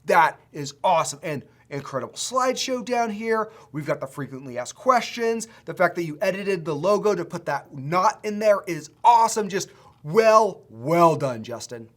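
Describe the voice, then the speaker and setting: A coding school instructor who reviews student projects in a casual screen-share video, excitable and gushing, rambling with restarts. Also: mid-range voice, moderate pace.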